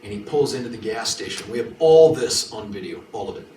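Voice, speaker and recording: A man's voice: lowish voice, brisk, a little hiss or hum. A man giving a speech as district attorney to a political club, telling stories and acting out the quotes. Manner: animated storytelling, acting out quotes. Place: meeting hall. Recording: echoey room, mic at a distance.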